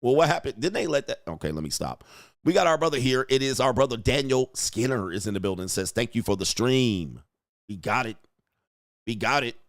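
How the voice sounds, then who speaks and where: A young adult man who coaches people on dating runs a loose livestream, reading viewer donation messages aloud one after another. He rants bluntly in street slang with plenty of swearing, at an ordinary middle pitch, recorded dry and close with no room echo.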